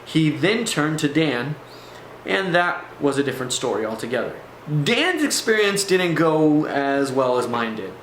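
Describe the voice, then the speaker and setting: A man's voice: fairly high pitch, very animated, unhurried, a bit bright, a little hiss or hum. A man telling a personal spiritual testimony to camera, earnest and intense, often restarting his sentences. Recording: echoey room.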